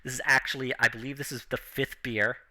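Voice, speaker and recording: A man's voice: mid-range voice, flat delivery, fast, sharp tone. A man narrating a tabletop role-playing game as game master, laid back and full of fillers and chuckles.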